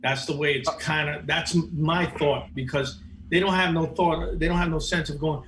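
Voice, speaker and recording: A man playing a tabletop game who eagerly lays out his plans out loud in casual, loose grammar. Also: a little high, steady tone, normal speed, hardly any pauses, a little hiss or hum. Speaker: player.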